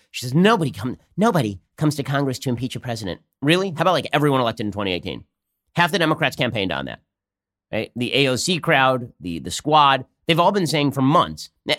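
Rapid-fire sarcastic male commentator. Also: medium pitch, a bit bright. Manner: sarcastic and mocking. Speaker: podcast host. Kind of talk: political commentary.

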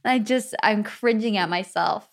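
A young woman from Arizona chats on a relaxed podcast. She tells stories in a chatty way and giggles often, with a mid-pitched voice. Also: normal speed, gravelly. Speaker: podcast co-host. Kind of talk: casual chat.

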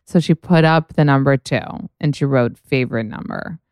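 A woman's voice: rumbling low, moderate pace, a little mellow, clean tone, dry recording, clean studio sound. A young woman hosting a podcast in casual chat, gushing, swearing a lot and saying "like" constantly. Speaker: podcast host.

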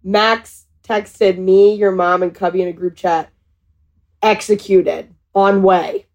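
Excited woman telling a story on a podcast, casual chat. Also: medium pitch, slow, muffled recording.

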